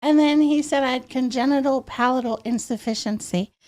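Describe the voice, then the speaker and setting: A woman with a high, childlike voice, chatting as a guest in a studio interview and telling stories in an animated way. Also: brisk. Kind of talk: casual interview chat.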